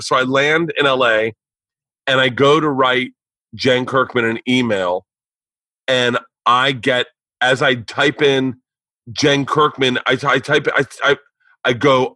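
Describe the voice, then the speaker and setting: A man with a bright, forward voice tells a rambling story on a podcast, swearing freely and restarting his sentences. The sound is close and dry, with almost no room in it. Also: medium pitch, normal speed, no room sound, low-quality recording. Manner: animated, profane storytelling with frequent restarts. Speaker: podcast host. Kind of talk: casual storytelling chat. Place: indoor home studio.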